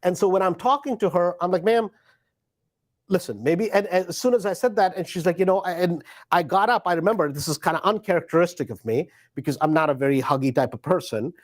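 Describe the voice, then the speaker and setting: A man's voice: high-pitched, a little fast. A middle-aged man, a real estate investor, telling a story in a live stream and animatedly acting out both sides of a conversation.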